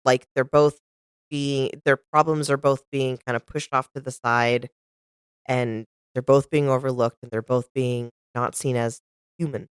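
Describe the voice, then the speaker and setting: A woman co-hosting a podcast in relaxed, casual chat, dropping wry, matter-of-fact comments. Her voice sits notably low for a woman. The sound is dry and close to the mic. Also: a little slow, clean tone, dry recording. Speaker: podcast co-host.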